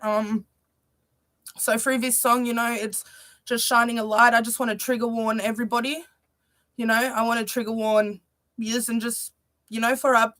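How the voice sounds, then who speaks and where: A woman's voice: fairly high pitch, level tone, normal speed, long pauses, fairly bright tone, no room sound. A young adult woman, a musician, talking earnestly to viewers on a livestream and filling her speech with "you know". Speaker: musician presenting her music video premiere. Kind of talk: heartfelt livestream talk.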